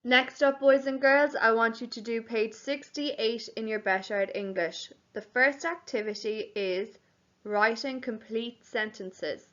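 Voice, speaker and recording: A woman teacher talks young children through their lessons slowly and clearly, with a bright, crisp tone. Her voice sits fairly high and keeps a patient, sing-song rhythm as she spells words out. The recording sounds a bit dull and muffled. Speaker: primary school teacher.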